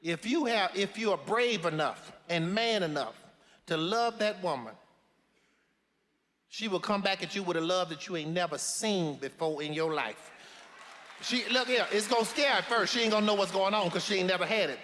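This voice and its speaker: A man's voice: high-pitched, animated, moderate pace, big-room sound. Madea, a man playing a brassy grandma. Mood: sassy lecturing. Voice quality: loud sassy drawl with folksy sayings. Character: brassy elderly Southern grandmother, blunt and preachy. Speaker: advice-giving matriarch. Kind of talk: film comedy-drama acting.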